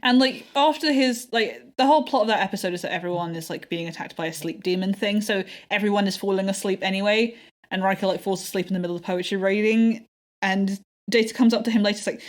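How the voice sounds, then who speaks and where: A woman's voice: mid-range voice, quick pace. A woman co-hosting a podcast in casual chat, enthusiastic and often laughing. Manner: enthusiastic, laughing, swearing freely. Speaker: podcast co-host.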